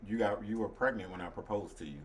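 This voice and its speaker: A man's voice: fairly low pitch, fast talker, a little hiss or hum. A man in his thirties hosting a casual chat, cutting in with jokes, swearing and asides. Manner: joking, interrupts with asides and swearing. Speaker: podcast host.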